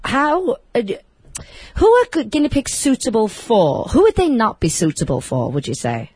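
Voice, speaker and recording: Husky-voiced chatty woman host. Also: a little high, big pitch swings, normal speed, a little mellow, no echo. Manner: chatty, laughing, teasing. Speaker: radio host. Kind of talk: casual radio chat. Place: radio studio.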